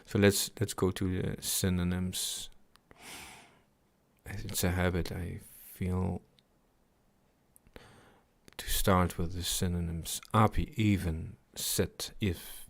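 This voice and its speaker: A man with a very low, gravelly voice reads devotional scripture aloud at a slow pace. He stops often to reflect and repeats his words, as on a home livestream. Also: level tone. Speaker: scripture reader. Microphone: computer mic on a livestream.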